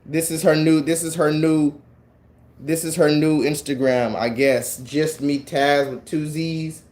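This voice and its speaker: A man hosting a livestream, talking casually in an animated, mocking and then preachy way. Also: on the high side, a little slow. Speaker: livestream host.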